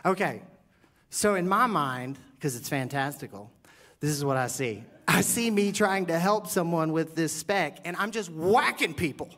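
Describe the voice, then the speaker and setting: A middle-aged man preaching a sermon as pastor, animated and joking, swinging from quiet asides to loud bursts. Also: high-pitched, measured pace.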